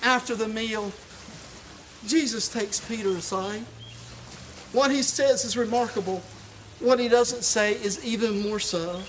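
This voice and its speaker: An impassioned pastor preaching a sermon recorded for a church live stream. The delivery is emphatic, swinging between stirring highs and hushed, reverent lows, and the words often stumble into repeats. A faint hiss sits under the voice. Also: unhurried, long pauses.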